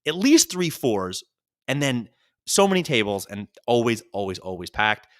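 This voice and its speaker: A man with a New York accent tells rambling, self-deprecating stories from a trip. His pitch leaps around as he jumps in and out of quick impressions. The sound is close and dry, with no room around it. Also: sing-song, no room sound. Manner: rambling, self-mocking anecdotes with quick voiced asides. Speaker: podcast host. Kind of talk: solo comedic storytelling.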